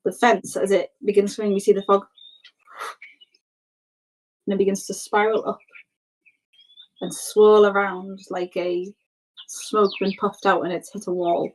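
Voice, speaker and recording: A woman's voice: medium pitch, flat delivery, unhurried, long pauses, poor audio. A woman game master narrating a tabletop role-play scene in a loose, descriptive way with many fillers.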